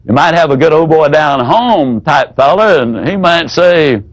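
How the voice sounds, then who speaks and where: A man teaching a sales training seminar in a folksy, demonstrative way. He drops his voice low whenever he acts out an example. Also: expressive, unhurried, low-quality recording.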